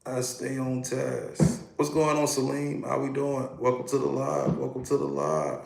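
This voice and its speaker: A man's voice: medium pitch, a little slow, vocal fry, a little mellow, roomy sound. A man, a hypnotherapist, hosting a casual livestream, talking animatedly and greeting viewers by name.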